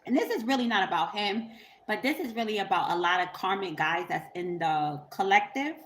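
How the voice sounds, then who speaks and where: A woman's voice: mid-range voice, lively intonation, brisk, a little hiss or hum, rough recording. A woman tarot reader telling a story in a rambling, profane, casual way on a livestream, often breaking into laughter.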